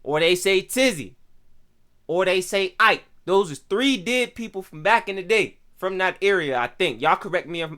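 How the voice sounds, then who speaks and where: A man's voice: sits high, expressive, normal speed, pushed and bright. A young man from Pittsburgh with a local accent, casually explaining things to his stream viewers in loose street slang and often checking in with "right?".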